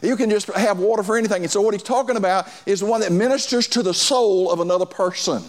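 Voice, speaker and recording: A man's voice: sits high, fast talker. A male pastor preaching a sermon to his congregation, repeating phrases and calling for responses.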